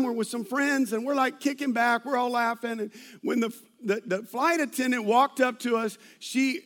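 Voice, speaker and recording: A man's voice: very high voice, fairly bright tone. A middle-aged man, a pastor preaching a sermon full of personal stories, telling them animatedly with many restarts and asides.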